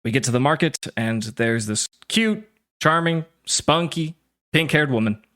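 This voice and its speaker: A man voicing a stubborn older father who tells his story in halting, rambling bursts. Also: on the high side, fairly bright tone, voice pushed up. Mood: wistful. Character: stubborn older Draconid father, wistful and gruff.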